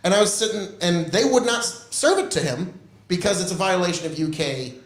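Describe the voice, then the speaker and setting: High, animated, swearing man in an echoey room. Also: fairly quick. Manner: heated, swearing, loud outbursts. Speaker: podcast co-host. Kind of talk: profane ranting podcast chat.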